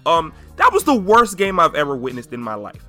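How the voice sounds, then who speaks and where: Young man, solo sports podcast host, emphatic rant, high voice, bright tone, faint music behind. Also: a little fast. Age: 20s. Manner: emphatic, animated, repeating points for effect.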